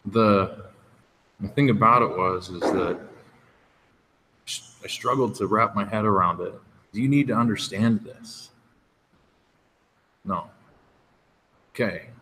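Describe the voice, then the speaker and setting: A man shares his story from a podium at a recovery meeting, frank and conversational, with a somewhat low voice. His words ring out with a long room reverb, over a faint hum of background noise. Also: fairly bright tone. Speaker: speaker sharing at a recovery meeting. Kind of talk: candid personal testimony.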